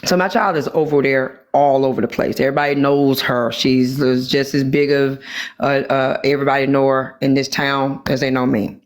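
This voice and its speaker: A woman on a live stream talking candidly about her own experience, rambling with many pauses and restarts. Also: very deep voice, little pitch movement. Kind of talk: personal storytelling in a live chat.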